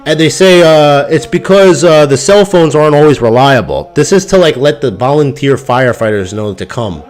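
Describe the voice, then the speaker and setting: Profane, animated man ranting casually. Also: a little high, normal speed. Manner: ranting, exasperated. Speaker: crypto stream host. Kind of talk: casual rambling monologue.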